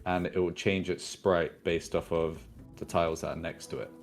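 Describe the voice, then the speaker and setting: American man, game dev guest, very low voice, hesitant, soft-spoken, faint music. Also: flat delivery, moderate pace. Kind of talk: casual conversation.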